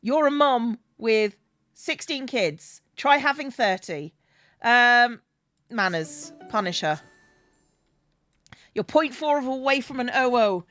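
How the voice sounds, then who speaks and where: Woman streamer nagging her game characters, bouncy pitch, dry close sound. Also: lively intonation, takes it slowly, pauses often, a bit bright, dry recording, faint music behind. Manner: scolding game characters, apologetic asides. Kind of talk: casual gameplay chat.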